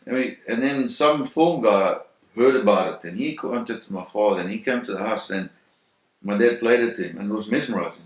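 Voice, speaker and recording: A man in an interview telling a first-hand story in a vivid, animated way, acting out the sounds and voices. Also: on the low side. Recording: roomy echo.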